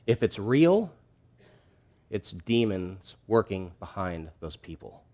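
A man's voice: lowish voice, big pitch swings, slow, mellow. A man preaching a sermon in a conversational, emphatic way, often restarting his phrases.

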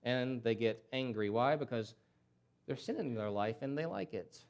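A man preaching a sermon, emphatic and repetitive, with rhetorical questions and swings between loud surges and near-hushed lines. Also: normal speed. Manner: impassioned, surges loud and high, then drops to near-hush. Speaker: pastor.

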